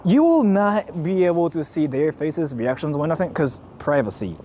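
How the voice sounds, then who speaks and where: An IRL streamer, a man, live-streams outdoors on a city street with a handheld camera, chatting casually in an excitable, self-mocking way and swearing freely. His voice is on the high side at a moderate pace, with slight background noise.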